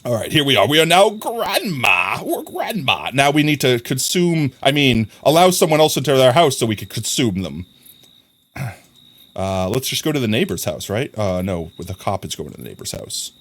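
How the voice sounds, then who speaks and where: A young man casually commentating a live stream, chatty and quick to laugh as he talks to his chat. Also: mid-range voice, sing-song.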